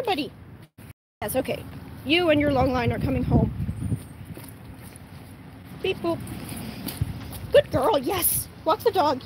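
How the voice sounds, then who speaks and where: A woman hosting a casual livestream from home, talking to her puppy in a high sing-song voice as she walks her in and out of the garden. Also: noisy background. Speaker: livestream host. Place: at home, moving indoors and out to the garden.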